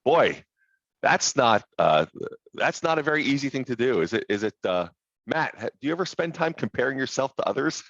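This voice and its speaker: A man hosting a group coaching call, talking in an animated, motivational way over video call. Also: medium pitch, brisk, no room sound, dull audio. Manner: animated, motivational, quotes inner voices.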